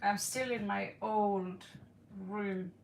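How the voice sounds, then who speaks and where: A woman's voice: mid-range voice, fairly even intonation, slow pace, creaky, reverberant, distant mic, slight background noise. A woman reading tarot on a live stream, playful, giggly and rambling, recorded in her own room. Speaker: tarot reader.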